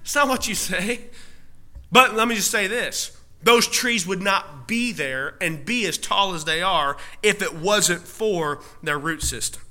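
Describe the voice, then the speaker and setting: A man's voice: high voice, bright, forceful tone. A male pastor preaching a sermon, driving points home with rhetorical questions and repeated key phrases, stretching out punch words.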